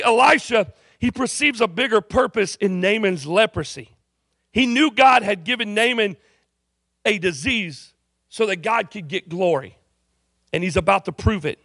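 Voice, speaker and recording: A man's voice: sits high, dry recording, studio quality. A man preaching a sermon as a pastor in a university chapel, telling the story with jokes and acted-out voices. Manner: animated, jokey storytelling with voiced characters. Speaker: campus pastor.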